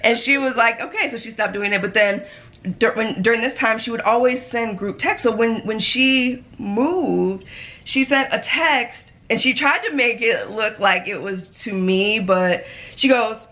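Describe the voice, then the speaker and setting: A woman's voice: a little high, a little slow. A woman vlogger, candidly recounting a friendship falling-out, full of "like" fillers. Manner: animated storytelling with frequent "like" fillers. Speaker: vlog co-host.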